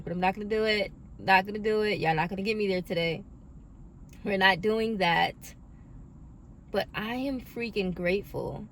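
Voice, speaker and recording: A woman's voice: medium pitch, measured pace, a little hiss or hum. Emphatic affirming New woman. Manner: emphatic, affirming, casual swearing. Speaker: oracle card reader. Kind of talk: collective spiritual reading. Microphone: phone.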